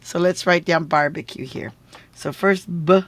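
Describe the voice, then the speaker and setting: Slow, patient woman teaching phonics. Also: deep voice, fairly bright tone, dry recording. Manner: patient, sounds out syllables and checks in with "okay?" and "right?". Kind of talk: phonics lesson video.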